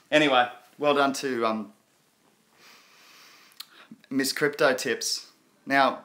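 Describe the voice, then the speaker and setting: A man hosts a casual crypto live stream, talking in a loose, rambling way. His voice is bright and forward. He stops often to read viewer comments aloud, laughing as he goes. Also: medium pitch, fairly even intonation, extremely slow, long pauses.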